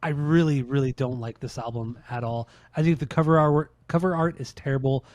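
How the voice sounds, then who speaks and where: A man's voice: mid-range voice, fairly quick, a little mellow, dry recording. Blunt, swearing man co-hosting a podcast. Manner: blunt, profane, repeats himself when making a point. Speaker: podcast co-host. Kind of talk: casual podcast chat, ranking albums.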